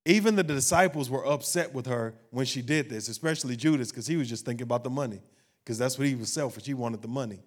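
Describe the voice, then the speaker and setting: A man's voice: mid-range voice, fast talker. A man pastor preaching a sermon, building to emphatic, rising peaks and asking the congregation questions.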